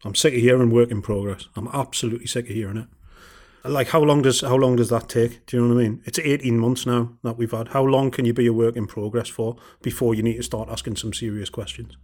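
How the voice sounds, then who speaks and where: A man's voice: medium pitch, steady tone, fast talker, a little mellow. A man co-hosting a casual football podcast, blunt and exasperated in his talk. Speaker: podcast co-host.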